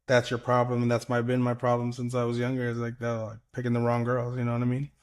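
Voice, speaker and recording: A man's voice: medium pitch, completely flat delivery, fast talker, darkish tone. A man co-hosting a podcast in casual chat, rambling and loose, swearing freely and filling his talk with "like" and "you know what I mean.". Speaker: podcast co-host.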